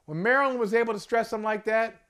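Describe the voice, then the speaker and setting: A man co-hosting a casual sports talk show, emotional and animated, laughing often as he talks. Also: sits high, fast, smooth. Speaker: co-host.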